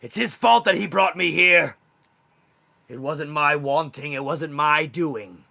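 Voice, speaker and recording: Desperate wendigo monster pleading in a high frantic voice, a guy doing it. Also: takes it slowly, gravelly, sharp tone, exaggerated voice.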